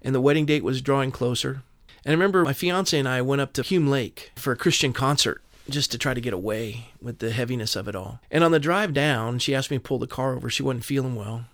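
Man, interview guest, brisk earnest storyteller, dry close mic. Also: mid-range voice, a bit bright, no echo. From Southern California. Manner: earnest storyteller, quotes dialogue. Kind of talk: personal testimony in an interview.

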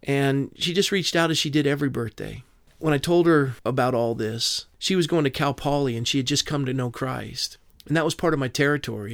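Man, interview guest, brisk earnest storyteller, dry close mic. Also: mid-range voice, dry recording. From Southern California. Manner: earnest storyteller, quotes dialogue. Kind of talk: personal testimony in an interview.

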